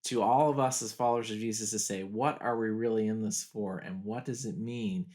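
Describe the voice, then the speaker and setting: Male pastor doing a study guide talk, earnest, thoughtful, slows down on the big points. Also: lowish voice, steady tone, a little mellow. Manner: earnest, reflective, slows down for quoted lines. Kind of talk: video study guide commentary.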